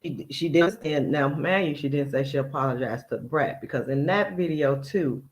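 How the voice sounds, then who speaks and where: A man with a fairly high speaking voice for his sex, talking in a chatty, conversational way. He hosts a reaction commentary, quoting another person's words and picking them apart line by line. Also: moderate pace, rough recording. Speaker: commentary channel host.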